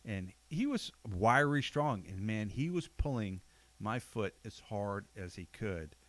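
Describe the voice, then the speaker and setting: A man with a lowish voice hosts a loose podcast conversation. He tells stories bluntly, with plenty of casual swearing. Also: a little slow, no room sound. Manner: blunt, animated storyteller who swears freely. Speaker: podcast host, jiu-jitsu black belt.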